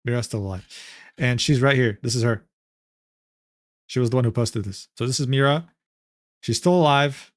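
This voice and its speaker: A man's voice: medium pitch, normal speed, pauses often, dry recording, clean studio sound. A young man streaming live, reacting to a document in loose, rambling commentary full of slang fillers. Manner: rambling, filler-heavy slang with "bro" and "dude".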